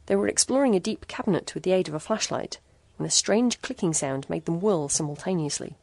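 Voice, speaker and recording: A woman narrating a short story in a measured, even storytelling manner. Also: on the low side, vocal fry, no room sound. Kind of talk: scripted narration.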